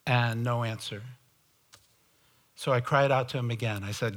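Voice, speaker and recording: A man telling his conversion story in a sermon, slow and halting, with many fillers and restarts. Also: mid-range voice, steady tone, a bit bright. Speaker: preacher giving testimony. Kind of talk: sermon testimony.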